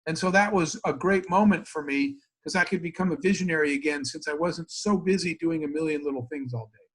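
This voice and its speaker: Animated high-voiced American businessman. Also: a little fast, slightly rough. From United States. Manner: animated storyteller acting out dialogue. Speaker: interview guest, entrepreneur. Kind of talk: storytelling in a casual interview.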